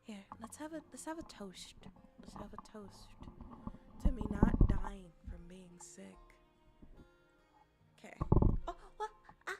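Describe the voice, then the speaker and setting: A young woman streaming a casual chat as a VTuber and ASMR creator, rambling with restarts and often dropping into soft whispers. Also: mid-range voice, lively intonation, unhurried, pauses often, over loud music.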